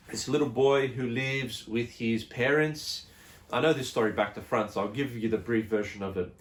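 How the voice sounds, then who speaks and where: A man talks casually through an unboxing of a film he loves. He rambles, circles back on his words and fills the gaps with ums. His voice sits at an ordinary middle pitch. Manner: rambling, with many fillers and restarts. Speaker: collector reviewing a film release.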